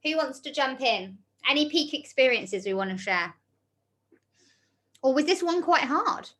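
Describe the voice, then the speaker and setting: A woman's voice: high voice, lively intonation, measured pace, a bit bright. A woman guiding a wellbeing group in an easy, chatty way. She encourages and reassures, and fills her talk with little fillers as she goes. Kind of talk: leading an online group session.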